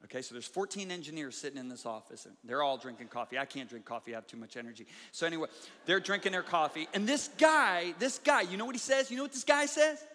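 Middle-aged male preacher, bright forceful delivery, big hall reverb under soft music. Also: a little high, quick pace. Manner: animated storytelling, swings from shouting to quiet. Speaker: pastor. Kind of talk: sermon. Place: large church or auditorium.

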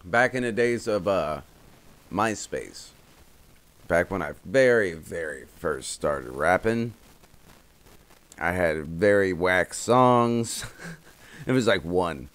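A young man co-hosting a casual podcast, telling stories in an animated way and swearing freely. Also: deep voice, takes it slowly, pauses often. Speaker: podcast co-host.

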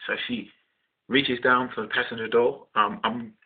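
A man's voice: mid-range voice, level tone, normal speed, slightly rough. A man from West London with a London accent, casually telling a personal story in blunt, profane language with many restarts. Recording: tinny phone-like sound.

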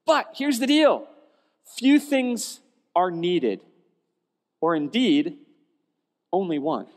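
Calm wise teacher, as a man voices him. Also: high-pitched, slow pace. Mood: gentle. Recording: long church hall reverb.

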